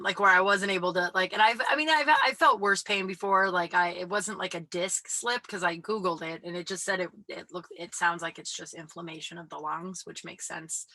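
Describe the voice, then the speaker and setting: A woman hosting her own show, talking casually and rambling, breathy and out of breath, recording in a small closet. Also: fairly low pitch, bright, forceful tone, no echo, poor audio. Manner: chatty, full of "like" fillers. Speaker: podcast host.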